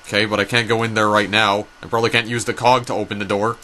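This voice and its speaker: A man narrates gameplay of a story game, voicing its text and dialogue aloud with casual asides and frequent stumbles over names. His voice is fairly low, level, quick, and sharp in tone.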